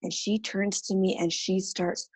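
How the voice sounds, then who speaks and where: A woman in her thirties, a podcast guest, telling personal stories in an earnest, animated way and acting out quoted voices. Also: medium pitch, a little slow, breathy edge, no room sound. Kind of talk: casual interview talk.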